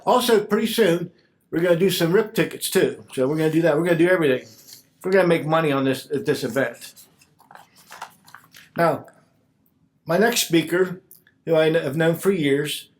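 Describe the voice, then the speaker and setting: High-voiced, pushy male emcee. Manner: loud, pushy, salesman-like. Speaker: event emcee. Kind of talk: announcements and introduction at a fundraiser.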